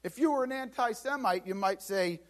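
A man preaching a sermon as pastor, lively and dramatic, acting out scripture scenes and often repeating words as he restarts. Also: sits high, moderate pace. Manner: animated preaching, acts out Bible scenes.

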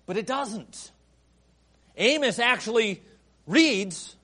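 High-voiced, slow, dramatic male preacher. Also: lively intonation. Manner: dramatic, swings from soft hushed prayer to loud emphatic preaching. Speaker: pastor. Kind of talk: sermon with opening prayer.

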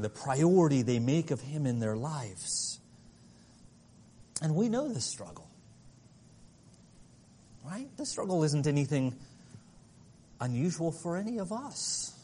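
A man preaching a sermon, earnest and dynamic, shifting between soft passages and emphatic ones. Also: fairly high pitch, breathy edge. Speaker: pastor.

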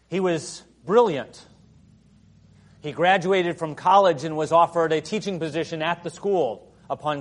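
A man preaching a sermon in a conversational way, full of "you know" fillers, who rises to emphatic outbursts and then drops quiet. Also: fairly high pitch. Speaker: pastor.

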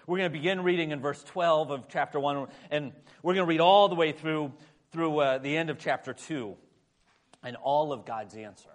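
High-voiced man preaching with dramatic swings. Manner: dramatic, swings from loud to hushed. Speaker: pastor. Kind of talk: sermon.

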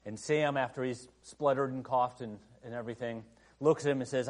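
A man's voice: medium pitch, fairly even intonation, fairly quick, darkish tone. A male pastor delivering a sermon in a conversational, storytelling manner, with frequent filler phrases.

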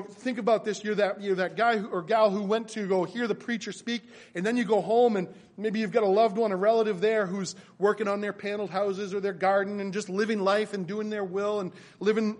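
High-voiced man preaching earnestly. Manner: earnest, repeats phrases for emphasis. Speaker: pastor. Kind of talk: sermon.

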